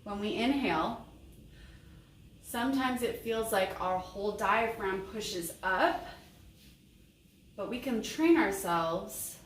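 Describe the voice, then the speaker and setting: A woman's voice: mid-range voice, expressive, slow pace, long pauses, far from the mic, slight background noise. Upbeat woman teaching voice, roomy sound. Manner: upbeat and encouraging, sings examples. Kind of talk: voice lesson. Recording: roomy, mic set back, faint ambience.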